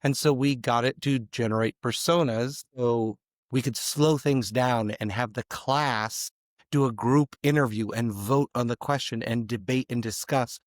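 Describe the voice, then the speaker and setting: A man guest on a podcast, his voice a little raspy today, speaking in a measured, deliberate way. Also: medium pitch, no echo, studio quality. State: slightly raspy voice. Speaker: guest, educator. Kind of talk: conversational interview.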